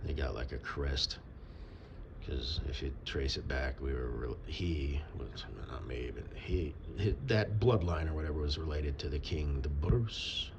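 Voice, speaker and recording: A man's voice: extremely low pitch, unhurried, lo-fi sound, background noise. A man rambling through a casual, offhand monologue and swearing now and then. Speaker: vlogger.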